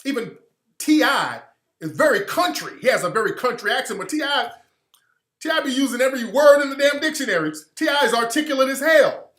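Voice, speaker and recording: A man from the American South delivers an insistent commentary, his pitch swinging widely as he drives each point. His voice is bright and forceful, and it rings with a roomy echo. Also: animated, quick pace. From Alabama, US South. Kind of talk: opinionated monologue.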